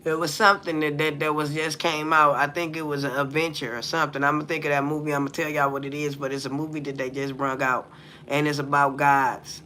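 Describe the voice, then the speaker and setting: A low-voiced American woman hosts a livestream with a flat delivery, talking a little fast in a pushed, bright tone over slight background noise. She speaks bluntly and profanely, lobbing rhetorical questions at viewers.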